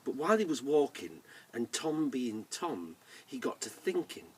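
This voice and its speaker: A man telling a folk tale to children in a lively way, inviting the listeners to join in. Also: medium pitch, unhurried, recorded from a distance, a little hiss or hum. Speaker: storyteller. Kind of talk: oral storytelling for children.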